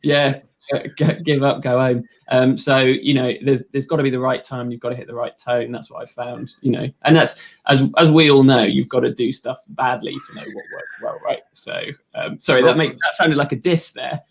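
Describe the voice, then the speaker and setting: A husky-voiced young man chats loosely about football numbers, often restarting his sentences and poking fun at himself. His delivery is relaxed and conversational. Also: medium pitch, a little fast, rough recording. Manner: rambling, self-deprecating, frequent restarts. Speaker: guest, runs a football stats account. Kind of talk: casual chat.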